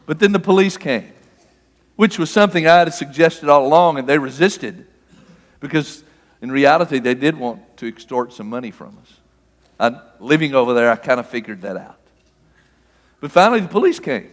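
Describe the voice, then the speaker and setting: A man preaching a sermon, telling a personal story with animation and acting out the shouting. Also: a little high, normal speed, long pauses. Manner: storytelling, animated, acts out the argument. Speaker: pastor. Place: church sanctuary. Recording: long hall reverb.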